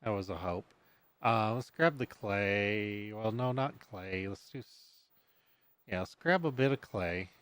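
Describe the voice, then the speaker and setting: Guy streaming a build, slow drawl, mumbles to himself, dry close mic. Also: fairly low pitch, a bit bright, clean tone, no echo. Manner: mutters and hums to himself while building. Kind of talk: casual gameplay commentary.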